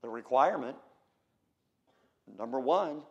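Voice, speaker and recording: An American man preaching a sermon, swinging between loud shouted declarations and low, quiet asides. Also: expressive, measured pace, dull audio.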